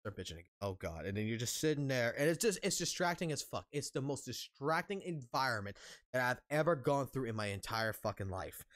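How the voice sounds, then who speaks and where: A man's voice: medium pitch, big pitch swings, brisk, a bit bright. A man streaming a casual rant, angry and heavily profane, blunt, repeating himself for emphasis.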